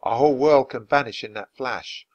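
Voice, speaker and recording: A man voicing a kind but firm woman nurse, speaking solemnly and in a measured way. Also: medium pitch, dry recording, lo-fi sound, lightly acted.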